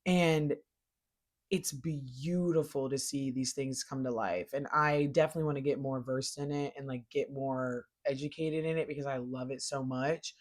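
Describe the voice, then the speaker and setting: A woman hosting a casual pop culture show, chatting in an animated, slangy way and gushing over what she loves. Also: a bass voice, normal speed. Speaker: pop culture podcast host. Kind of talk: casual chat.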